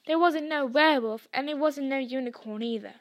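A woman doing a gruff gamekeeper giant. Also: high-pitched, a little fast. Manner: rough folksy speech. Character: gruff burly male gamekeeper. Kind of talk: audiobook reading.

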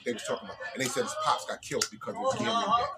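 A man hosting a casual reaction chat, excitable and swearing heavily with loud outbursts. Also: medium pitch, rapid-fire, very noisy. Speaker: reaction video host. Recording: music playing behind. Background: music.

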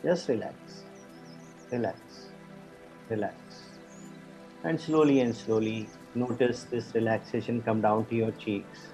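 Man, meditation guide, slow soothing cues, repetitive phrasing, online call, muffled audio. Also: mid-range voice, mellow. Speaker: life coach leading a guided relaxation session.

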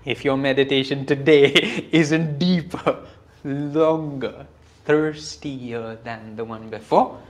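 A man's voice: medium pitch, takes it slowly, a crowd in the background. Earnest man teaching scripture. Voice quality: earnest and self-deprecating, with frequent soft laughs. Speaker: spiritual teacher. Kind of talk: reflective scripture talk.

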